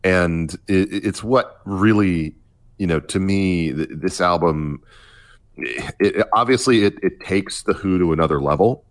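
A man with a very low, deep voice talks through a casual music conversation. He circles his points with fillers and repeated starts, sounding relaxed and unscripted. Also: measured pace. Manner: hesitant, many restarts and fillers. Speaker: podcast co-host.

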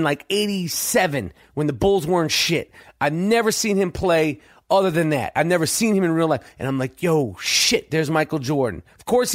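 A man's voice: sits high, no echo, studio quality. Profane New man telling stories. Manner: profane, animated, acts out quoted voices. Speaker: podcast host. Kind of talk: casual storytelling monologue.

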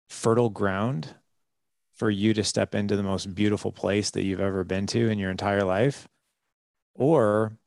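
A man's voice: lowish voice, a little mellow, no echo, studio quality. A man speaking as a guest on a faith-based podcast, earnest and a little emotional, often repeating his words as he reflects.

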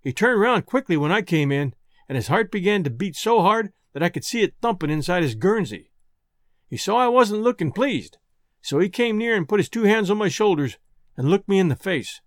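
A man's voice: high-pitched, very animated, normal speed, dry recording, studio quality. A man narrating a first-person storybook tale in folksy, rustic dialect. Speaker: audiobook narrator.

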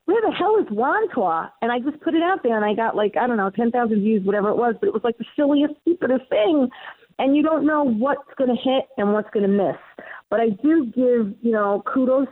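A woman's voice: a little high, fairly quick, dry recording. A woman with a Queens accent, a comedian and show host, chatting animatedly in an interview from home. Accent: Queens, New York. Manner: chatty and animated, with frequent fillers. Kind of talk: casual interview chat. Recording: tinny phone-like line, dry.

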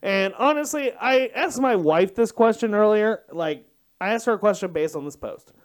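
A man's voice: high voice, expressive, moderate pace. A man co-hosting a podcast, trading crude jokes in casual comedic banter. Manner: crude, joking. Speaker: podcast co-host.

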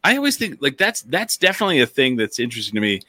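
A man's voice: mid-range voice, very animated, rapid-fire, pushed and bright, dry recording. A man chatting casually on a podcast, rambling and full of filler words. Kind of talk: casual chat.

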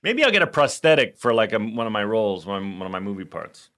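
A man co-hosting a podcast, chatting casually and telling lively anecdotes. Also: lowish voice, quick pace. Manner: animated storyteller who acts out quoted lines. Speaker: podcast co-host. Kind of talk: casual chat.

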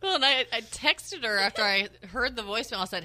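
A woman's voice: on the high side, lively intonation, a little fast, sharp tone. A woman co-hosting a radio morning show, rambling in casual chat with many restarts.

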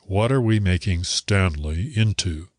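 A man's voice: deep voice, animated, unhurried, no echo, clean studio sound. A man voicing a grumpy antlered alien shopkeeper. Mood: curt. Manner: curt, exasperated, snarling.

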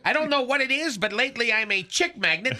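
A man's voice: very high voice, quick pace, full character voice. A man voicing a lovesick, long-winded fellow who talks in flowery, overblown words in a radio comedy sketch. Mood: deadpan pompous. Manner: flowery, overblown vocabulary, deadpan bragging. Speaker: recurring comedy character.

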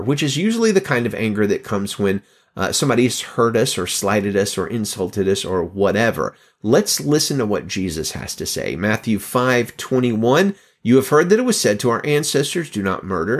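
A middle-aged man preaching a sermon, reading scripture and then talking it through, with his voice jumping up for rhetorical questions. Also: on the low side. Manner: animated, rising sharply for rhetorical questions. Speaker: pastor.

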